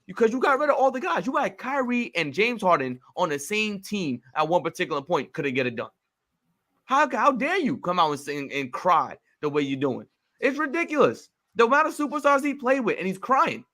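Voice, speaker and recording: A man's voice: sits high, big pitch swings, fairly quick, a bit bright. A man co-hosting a sports podcast, ranting emphatically and repeating his points in a heated debate. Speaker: podcast co-host.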